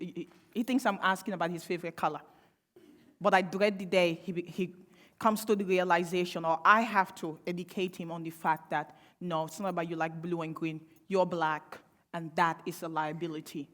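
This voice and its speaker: A woman's voice: fairly low pitch, fairly even intonation, moderate pace, a bit bright. A young woman giving a public speech, impassioned and sarcastic, with rhetorical questions. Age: young adult. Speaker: panel speaker. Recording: long hall reverb.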